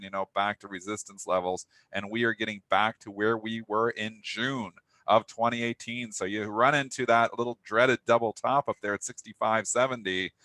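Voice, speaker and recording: Male co-host, lowish voice, sarcastic and opinionated, close dry mic. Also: bright, forceful tone, dry recording. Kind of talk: live trading talk show banter.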